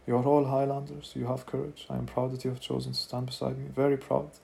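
A man reading as a gruff warrior leader. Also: medium pitch, flat delivery, fast talker, darkish tone. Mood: commanding. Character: blunt proud highland warrior leader, adult man.

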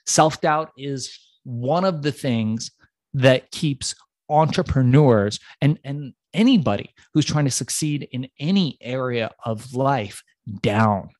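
A man's voice: medium pitch, slow, no room sound, studio quality. A middle-aged man from Iran telling his story as a podcast guest, acting out the people he met along the way. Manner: animated storyteller who acts out the people in his stories. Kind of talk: storytelling in a conversational interview.

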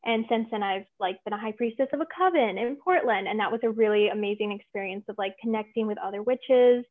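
A woman's voice: mid-range voice, brisk. A young woman, a tarot reader and witch, talking earnestly as a guest in a casual interview, with many fillers. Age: young adult. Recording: tinny phone-like remote line.

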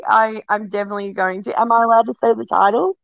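A woman's voice: on the high side, flat delivery, quick pace, creaky, fairly bright tone, no room sound, highs cut off. A woman with an Australian accent, a guest in a casual interview, talking bluntly, swearing freely and laughing often.

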